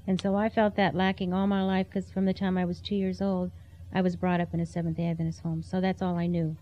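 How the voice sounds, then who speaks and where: A woman's voice: fairly low pitch, flat delivery, fast talker, muffled recording. A woman sharing a heartfelt personal testimony in an earnest, storytelling way. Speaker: interview guest.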